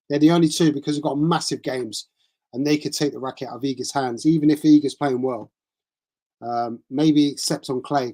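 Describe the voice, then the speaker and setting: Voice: medium pitch, warm tone. Casual tennis streamer, mid-range voice, rambles with fillers. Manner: rambling, chatty, thinks aloud with fillers. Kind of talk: casual live-stream chat. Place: cold room at home with a small heater.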